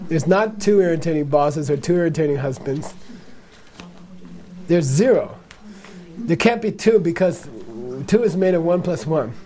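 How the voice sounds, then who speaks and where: A man with a high voice gives a teaching talk on Buddhism to a live audience. He keeps it playful, repeats his points and acts out small exchanges. He laughs often as he explains. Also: expressive, moderate pace, long pauses, dark tone.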